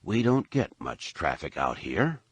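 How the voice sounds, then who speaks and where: A man voicing a calm, wry old hermit, speaking softly and slowly, with a deep, lively voice. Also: husky, no room sound, exaggerated voice. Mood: calm, amused. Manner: slow, soft and measured.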